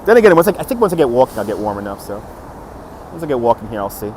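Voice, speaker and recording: A man's voice: medium pitch, sing-song, rapid-fire, a little mellow. A man hosting a live walking stream outdoors on a city street, upbeat and chuckling as he greets viewers by name, recorded on a phone on a gimbal. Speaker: livestream host. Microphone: phone on a handheld gimbal. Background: faint city traffic.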